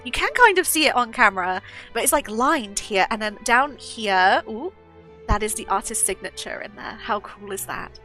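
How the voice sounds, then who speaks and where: A woman chatting casually through a merch unboxing, gushing and excitable, with squeals and giggles. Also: a little high, normal speed, faint music behind. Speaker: unboxing vlogger.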